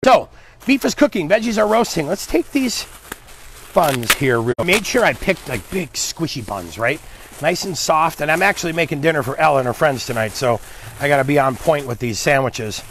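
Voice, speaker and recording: Upbeat chef with a gravelly voice. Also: male voice, a little high, animated, normal speed, a bit bright, a little hiss or hum. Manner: upbeat, chatty, talks to viewers and helper. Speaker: chef hosting a live cooking demo. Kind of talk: live cooking stream, casual chat.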